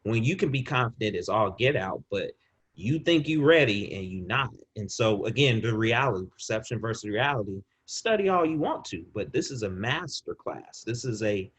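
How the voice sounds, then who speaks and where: A man's voice: lowish voice, lively intonation, moderate pace, a bit bright, husky. A man co-hosting a podcast, giving a casual, rambling movie review with frequent restarts. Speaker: podcast co-host.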